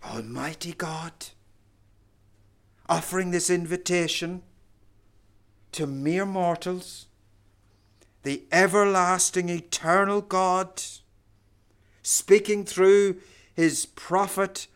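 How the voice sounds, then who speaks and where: A man preaching a sermon, slow and emphatic, swinging from hushed lines to loud ones. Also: high-pitched.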